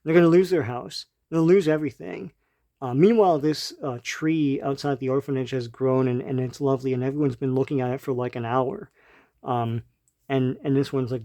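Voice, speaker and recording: Mellow-voiced man casually retelling a comic. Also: mid-range voice, fairly even intonation, moderate pace. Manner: rambling, full of ums and restarts; laughs lightly between remarks. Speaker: comic book reviewer.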